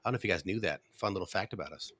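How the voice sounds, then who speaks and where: A man's voice: low voice, very fast, fairly bright tone. A man co-hosting a casual Bible discussion with his mother, mostly agreeing and cracking joking asides. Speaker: co-host, son of the other host. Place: at home in another state from his co-host.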